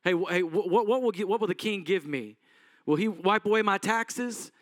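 A man's voice: high voice, normal speed, no room sound, clean studio sound, lightly acted. A man voicing a brash teenage boy who fires off stammering questions. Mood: eager. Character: eager brash teenage boy, bold and curious.

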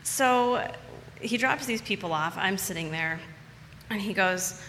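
A woman's voice: mid-range voice, lively intonation, a little slow, a bit bright, in a large hall, a little hiss or hum. A woman telling a personal story to a live audience in a casual, chatty way, repeating words for emphasis.

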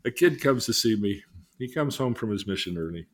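A man's voice: lowish voice, brisk, a little hiss or hum. Folksy older man telling stories. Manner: folksy, animated storyteller who acts out quotes. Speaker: counselor and teacher. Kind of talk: casual teaching talk.

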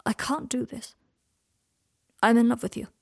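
A woman voicing a proud, anxious young man who is sharp-tongued and defensive, with fierce, high-strung outbursts. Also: unhurried, creaky, slightly rough, dry recording, clean studio sound, exaggerated voice. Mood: anguished.

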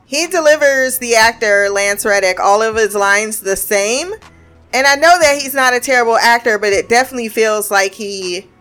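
A woman with a somewhat high voice rips into a TV episode in casual review commentary. She is blunt and sarcastic, and she swears freely. Faint music plays quietly under her voice. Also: moderate pace. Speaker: TV show reviewer.

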